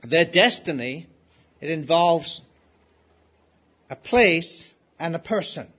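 A man delivers a sermon in a slightly higher-than-average voice. He speaks earnestly and keeps asking the congregation rhetorical questions. He slows down to repeat his key phrases. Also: expressive, a bit bright, husky. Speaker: preacher.

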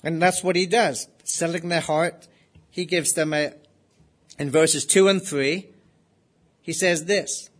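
A man preaching a sermon in an earnest way, asking the listeners rhetorical questions and slowly repeating his key phrases. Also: on the high side, fairly even intonation.

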